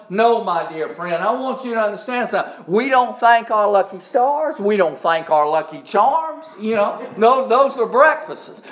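In a lo-fi recording, a male pastor with a very high, slightly bright voice delivers a church sermon. He leans on emphatic repetition, reads scripture, prays aloud, and has the congregation say his words back to him.

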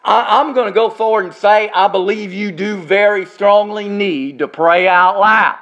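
Guy preaching a sermon, drawn-out emphatic lines, kinda muffled recording. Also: sits high, a bit bright. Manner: preaching with slow, drawn-out emphasis on key words. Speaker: pastor.

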